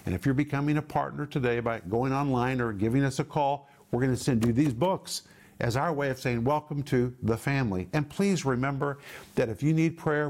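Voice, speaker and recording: A man teaching the Bible on a broadcast program, emphatic and stretching key words out slowly. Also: medium pitch, darkish tone.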